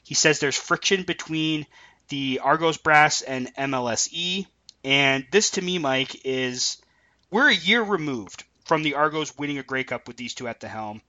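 Bright-voiced opinionated sports podcaster man. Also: on the high side, unhurried, dull audio. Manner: opinionated, animated. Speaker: podcast co-host. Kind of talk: casual sports chat.

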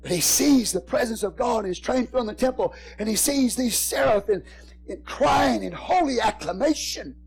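A man preaching a sermon as a pastor, repeating phrases and swinging from hushed whispers to shouted crescendos. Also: very high-pitched, lively intonation, normal speed, creaky, husky.

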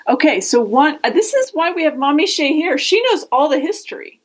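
A woman's voice: high voice, big pitch swings, fairly quick. A woman hosting a casual podcast, bubbly and laughing often as she steers the talk. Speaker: podcast host.

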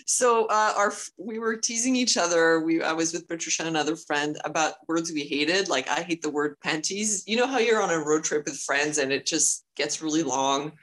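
A woman from Quebec, a filmmaker guest, telling stories in a lively casual way and laughing easily. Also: deep voice, normal speed, few pauses, poor audio. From Quebec, Canada. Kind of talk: casual interview storytelling.

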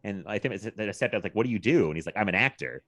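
Lively, laughing man telling stories. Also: on the low side, quick pace, dry recording. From Virginia, US. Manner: animated storytelling, laughs often, quotes people in lively voices. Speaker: podcast co-host. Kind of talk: casual chat.

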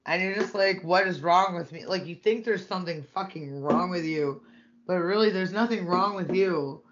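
A man's voice: high-pitched, normal speed, fairly bright tone. A young adult man, co-hosting a podcast in casual, crude chat and laughing often. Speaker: podcast co-host. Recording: dull lo-fi sound.

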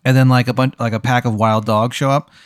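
Man, podcast host, rambling playful storyteller, mid pitch, dry close mic. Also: fairly even intonation, brisk, clear, resonant tone, dry recording. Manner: loose, rambling, playful narration. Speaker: podcast host posing a hypothetical. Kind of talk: casual improvised storytelling.

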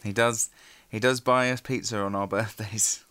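A man's voice: fairly low pitch, fairly even intonation, normal speed, sharp tone. A man co-hosting a comedy podcast, explaining things in a casual, laughing way. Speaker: podcast co-host.

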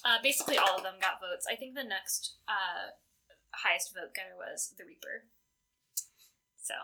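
This female podcast host, giving out fan awards, chats casually with plenty of "like" fillers. Her medium-pitched voice moves at normal speed, though the recording is very noisy.

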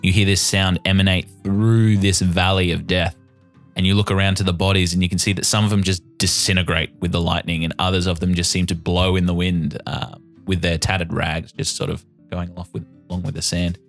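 A man's voice: low-pitched, little pitch movement, brisk, creaky, soft background music. A man narrating a tabletop game as game master, describing scenes vividly.

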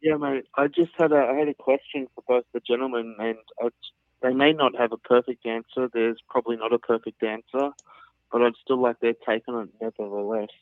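A man's voice: mid-range voice, fairly even intonation, fairly quick, dry recording. A man with an Australian accent calling in to a radio show, asking a question politely with some hesitant fillers. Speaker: caller. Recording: tinny phone line.

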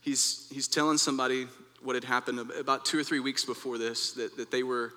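A young man preaching in a relaxed, earnest way, telling a story like he's chatting with friends. His voice is bright and forward. The room around him rings with a long reverb. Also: medium pitch, brisk. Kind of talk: devotional talk with personal story.

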